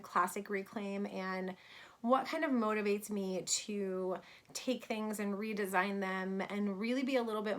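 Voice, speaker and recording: A woman's voice: medium pitch, a bit bright. A woman in her thirties from New York, telling a personal story in a casual vlog about her fashion brand, chatty with many fillers.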